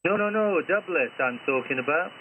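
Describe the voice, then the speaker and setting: Older man, ham operator, slightly high voice, hesitant technical chat, tinny noisy shortwave audio. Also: animated, a little fast. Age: 60s. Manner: hesitant, self-correcting technical talk. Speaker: radio amateur. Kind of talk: casual on-air chat.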